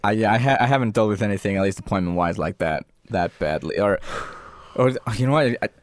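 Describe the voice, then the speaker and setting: A man's voice: fairly low pitch, quick pace. A man in casual chat, telling a story with restarts and acted-out quotes. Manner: rambling storyteller, many restarts, acts out quotes.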